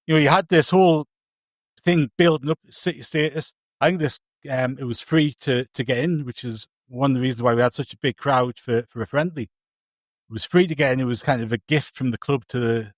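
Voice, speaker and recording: A man's voice: medium pitch, no echo. Rambling man, dry sound. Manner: rambling, self-interrupting storyteller. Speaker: podcast co-host. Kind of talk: casual chat.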